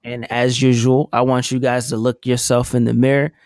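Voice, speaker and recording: A man's voice: mid-range voice, flat delivery, moderate pace, darkish tone, no echo, clean studio sound. A man co-hosting a podcast in casual chat, joking and teasing with crude humor. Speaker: podcast co-host.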